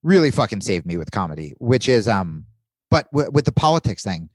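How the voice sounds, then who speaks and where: A man's voice: lowish voice, very animated, fairly quick, a little mellow, no room sound. A man talking as a podcast guest, earnest and confessional, with plenty of swearing. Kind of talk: casual podcast chat.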